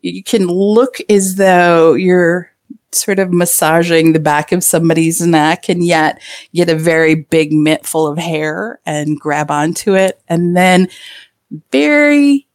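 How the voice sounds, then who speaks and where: A woman speaking frankly and playfully as a podcast guest. She talks slowly in a somewhat low voice. The sound is dry and close. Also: flat delivery, darkish tone, no room sound. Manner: frank, playful, laughs often. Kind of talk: casual interview chat.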